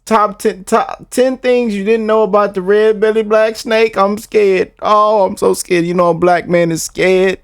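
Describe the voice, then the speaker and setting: A playful young American man hosts a reaction video, laughing and hamming up being scared. His voice has a gravelly, fry-edged texture and sits a little high for a man. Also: steady tone, measured pace, few pauses, no room sound, studio quality. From United States. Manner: playful, laughing, repeats himself, mock-scared. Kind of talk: casual reaction commentary.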